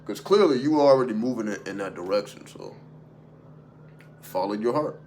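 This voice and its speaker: This man's fairly low, slightly mellow voice is expressive and moves at a normal speed over slight background noise. Working as a spiritual content creator, he delivers an unscripted livestream monologue, emphatic and profane, and keeps throwing rhetorical questions at his viewers.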